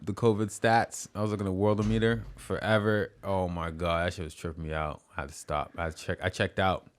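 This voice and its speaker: A man talking as a podcast guest in casual chat, animated and swearing often, with frequent agreeable fillers. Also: low-pitched, a little fast. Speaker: guest, Chinese medicine student.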